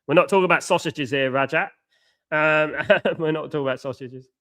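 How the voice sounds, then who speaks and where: Bright-voiced man chatting on a live stream. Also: on the high side, fairly quick. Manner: chatty, repeats himself, banters with viewers. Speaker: watchalong host reading live chat. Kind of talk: live stream commentary and chat.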